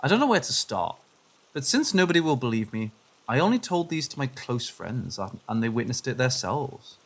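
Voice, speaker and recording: A man narrating submitted paranormal stories in a steady, scripted reading voice. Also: mid-range voice, normal speed, slight background noise.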